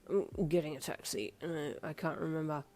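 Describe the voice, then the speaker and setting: A woman voicing a drunk young man who slurs and mumbles softly, sheepish, in a fan fiction audio story. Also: steady tone, fairly quick, a little hiss or hum, natural voice. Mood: slurring. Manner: slurred, mumbling, low and soft. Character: drunk slurring young male boyfriend, sheepish.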